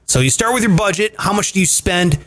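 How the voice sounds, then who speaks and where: A man's voice: high voice, lively intonation, a little fast, a bit bright. A man hosting a casual chat show, explaining money tips with emphatic, profane energy. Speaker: podcast host.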